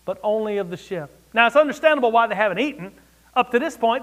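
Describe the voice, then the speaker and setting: A man preaching a sermon, expressive, rising and dropping for emphasis, with wry asides. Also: extremely high pitch. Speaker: pastor.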